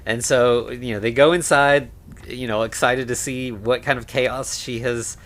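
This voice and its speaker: A man co-hosting a podcast, casually recapping a film with lots of fillers and quick acted-out lines. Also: mid-range voice, steady tone, fairly bright tone. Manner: laid-back, many fillers, acts out lines. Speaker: podcast co-host. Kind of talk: casual movie recap chat.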